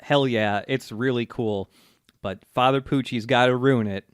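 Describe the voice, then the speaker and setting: Man, podcast co-host, mid pitch, dry close mic, chuckling casual recap. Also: a little slow, clean tone, no echo. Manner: laughing, filler-heavy retelling. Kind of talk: casual chat recapping an anime.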